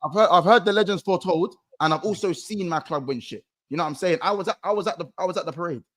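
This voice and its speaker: A man ribbing his friends in animated, casual football banter. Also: high-pitched, quick pace. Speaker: podcast co-host.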